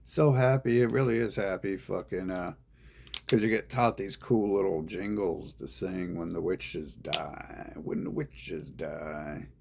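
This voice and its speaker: A man's voice: low-pitched, a little slow, creaky, a little hiss or hum. A man talking in a rambling, profane monologue, repeating himself as he goes. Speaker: vlogger.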